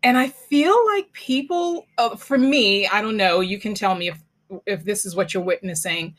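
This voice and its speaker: A woman's voice: mid-range voice, moderate pace, a bit bright. A woman hosting a podcast, chatting casually and telling stories animatedly with many fillers. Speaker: podcast host. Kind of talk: casual interview chat.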